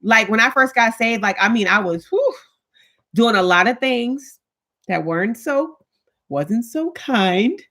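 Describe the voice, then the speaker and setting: A woman's voice: a little high, measured pace. A woman in her thirties, a stay-at-home mom, chatting casually and bluntly with viewers on a live stream and reading out their comments. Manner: talks with her hands, blunt and animated, reads viewer comments.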